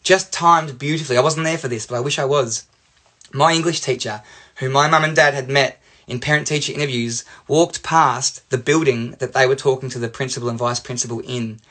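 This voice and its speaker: A young Australian man telling a personal story to camera in a chatty, animated way, full of "you know" and "like". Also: medium pitch, fairly quick. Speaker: life coach.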